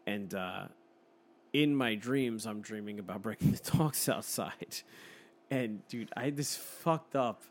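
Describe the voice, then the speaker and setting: A man's voice: lowish voice, unhurried. A man in his thirties telling a story in casual chat, swearing freely and laughing often.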